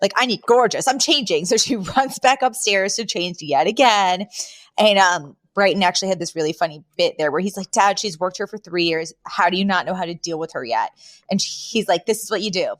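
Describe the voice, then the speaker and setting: A woman co-hosting a podcast, casually retelling scenes and jumping into higher voices for the quotes. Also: a little fast, no room sound. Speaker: podcast co-host. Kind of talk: casual recap chat.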